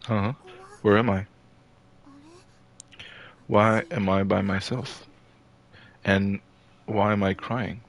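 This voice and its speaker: Frightened teen schoolgirl voiced by a man, game readthrough, deep voice. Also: fairly even intonation, takes it slowly, gravelly, long pauses, slight background noise. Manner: reading game dialogue aloud. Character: anxious teenage schoolgirl, scared and alone.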